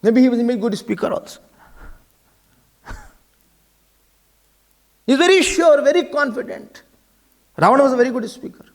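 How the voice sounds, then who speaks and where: Emphatic Indian swami with a gravelly voice. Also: male voice, very high voice, lively intonation, normal speed, pauses often. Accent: Indian English. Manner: emphatic, repeats key phrases, mixes Hindi into English. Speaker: swami giving a spiritual talk. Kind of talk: sermon.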